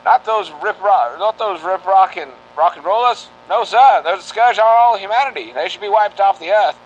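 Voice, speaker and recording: A man's voice: high-pitched, animated, moderate pace. A man putting on a self-righteous old-time radio announcer voice, giving grandiose, indignant speeches with frequent stammered restarts. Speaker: podcast host. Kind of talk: 1940s radio announcer parody. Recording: dull lo-fi podcast audio.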